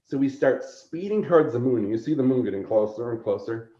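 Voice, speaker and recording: A man, a convention organizer appearing as a podcast guest, telling an animated story, laughing often and acting out quotes. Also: mid-range voice, brisk. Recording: roomy echo, dull lo-fi sound.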